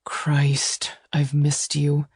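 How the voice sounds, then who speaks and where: A woman's voice: fairly even intonation, slow, dry recording, clean studio sound, full character voice. Woman voicing an intense, possessive male lover. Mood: tender, hushed. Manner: low, soft and breathy, half-whispered. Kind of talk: audiobook romance reading.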